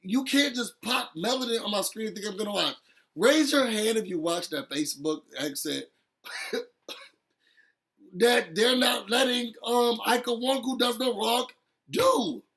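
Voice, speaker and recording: A man recapping a reality show episode in a casual, emotional chat, animated and laughing often as he talks straight to viewers. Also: very high-pitched, measured pace.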